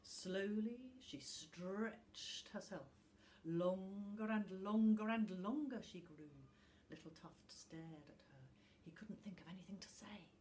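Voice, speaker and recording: A woman reading a children's storybook aloud as a teacher, in an animated, expressive way with dramatic pauses. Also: mid-range voice, a little hiss or hum.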